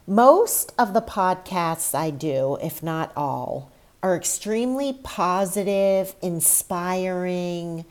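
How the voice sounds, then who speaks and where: A woman's voice: lowish voice, darkish tone. A woman hosting her own podcast, talking on her own in a candid, chatty, emotional way. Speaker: podcast host. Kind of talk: solo podcast monologue.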